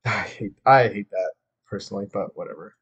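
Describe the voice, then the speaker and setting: A man's voice: fairly low pitch, a little fast, fairly bright tone, breathy edge, highs cut off. A young man co-hosting a podcast, chatting in a rambling, casual way with frequent laughs. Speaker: podcast co-host. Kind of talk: casual chat.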